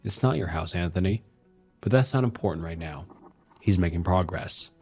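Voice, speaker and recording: A man with a fairly low voice tells a horror story in the first person. His manner is cold, probing and controlling. Faint music runs in the background. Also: animated, moderate pace, a little mellow, breathy edge. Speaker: narrator.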